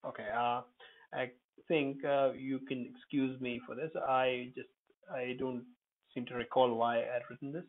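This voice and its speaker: Husky man teaching pronunciation, tinny sound. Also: mid-range voice, flat delivery. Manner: repeats words slowly, spells out letters. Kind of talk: pronunciation lesson.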